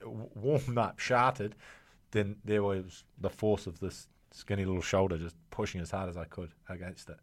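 A man's voice: sits low, steady tone, normal speed. A man with a New Zealand accent, a former rugby player co-hosting a casual podcast and telling stories. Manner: storytelling, laughing a lot. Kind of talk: casual chat.

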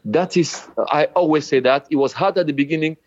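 A man, a former footballer, recounting his memories in an interview in halting non-native English. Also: a little high, darkish tone. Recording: dull lo-fi sound.

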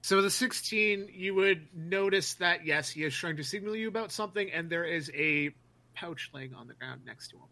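A man's voice: a little high, moderate pace, sharp tone. A man narrating as game master of a tabletop game, casual and crude.

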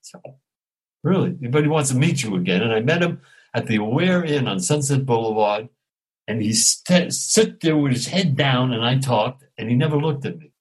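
An older man from Brooklyn, speaking, spins a show-business anecdote for an interviewer. His voice sits at an ordinary middle pitch. He talks in an animated way, acting out the dialogue and chuckling as he goes. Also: moderate pace, husky, poor audio. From Brooklyn, New York. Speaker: actor, interview guest.

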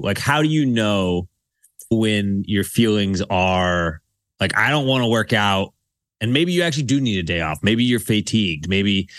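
A man's voice: on the low side, no room sound. A man hosting a podcast, asking thoughtful questions with some hesitant restarts. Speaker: podcast host. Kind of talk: casual interview chat.

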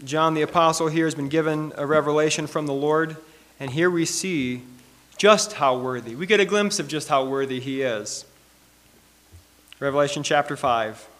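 A man with a noticeably high-pitched voice delivers a sermon. He preaches earnestly, leaning on key words and slowing down for emphasis. He also reads scripture aloud to his listeners. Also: fairly bright tone. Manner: earnest, emphatic preaching with slowed, stressed phrases.

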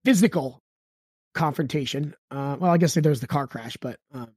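A podcast co-host leads a casual discussion with hesitant questions full of fillers. The pitch sits in the middle range. The sound is dry and close. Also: moderate pace, darkish tone, husky, no room sound.

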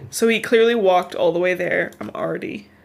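A woman's voice: on the low side, a little fast, gravelly. A woman co-hosting a podcast, casually retelling a novel's plot, swearing freely and filling with "like.". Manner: swears freely, retells story with many likes. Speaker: podcast co-host. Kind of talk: casual book recap chat.

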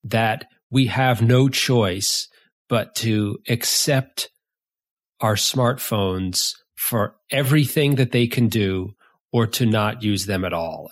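A man hosting a podcast, giving an earnest, measured solo introduction that explains an idea step by step. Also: lowish voice. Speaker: podcast host.

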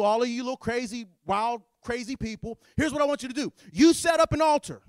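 Man doing a swaggering prophet, slangy, loud, mocking, high voice, dry sound. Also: no echo, close to an everyday voice. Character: swaggering slangy male prophet taunting rivals.

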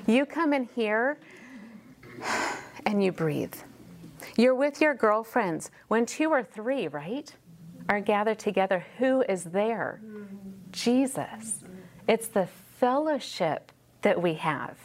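Animated woman teaching a women's Bible study. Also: on the high side, takes it slowly, slight background noise. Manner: animated, acts out dialogue in quoted voices; emphatic, repeats key phrases. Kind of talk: live teaching to a women's group. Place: room in a church building. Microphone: wearing a personal mic.

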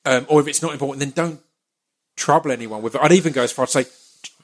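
A man hosting a casual chat, animated, with stammered restarts. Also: medium pitch, quick pace. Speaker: podcast host, actor.

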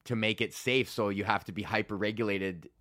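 Profane, bright-voiced man ranting. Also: fairly low pitch, steady tone, fairly quick. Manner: profane, rambling, laughs often at himself. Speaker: podcast host. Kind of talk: casual ranting monologue.

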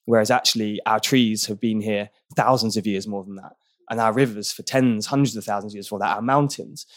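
Earnest guy from britain on a podcast, thinks out loud, lots of restarts. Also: on the low side, fairly even intonation, fairly quick. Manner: earnest, thoughtful, with frequent restarts. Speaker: barrister and activist guest. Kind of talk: podcast interview.

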